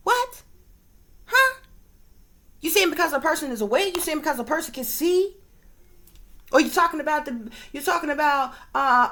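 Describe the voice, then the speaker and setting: A woman's voice: high-pitched, fairly bright tone. A woman, a psychic reader and video creator, ranting to her viewers in casual, profane speech, often checking in with her listeners. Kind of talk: casual direct-to-camera rant.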